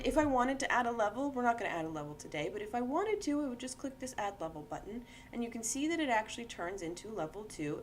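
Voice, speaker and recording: A woman's voice: medium pitch, slight background noise. A woman, founder of a game-making tool, giving a casual screen-share tutorial, chatty and often checking in with "right?".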